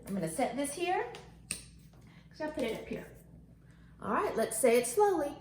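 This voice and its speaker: A woman teaching a phonics lesson to young children, animated and sing-song, stretching words out slowly. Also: high-pitched, reverberant. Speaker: kindergarten teacher.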